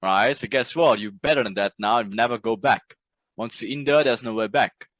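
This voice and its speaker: A man's voice: medium pitch, moderate pace, fairly bright tone, no echo. Blunt, profane male trading instructor. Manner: blunt, profane, keeps asking "right?". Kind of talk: casual recorded lecture.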